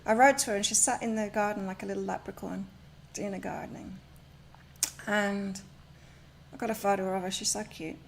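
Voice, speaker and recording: A woman's voice: mid-range voice, steady tone, fairly quick, creaky, slight background noise. A woman reading tarot and oracle cards on a live stream from her home, chatting and rambling as she gives spiritual advice. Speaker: tarot and oracle card reader.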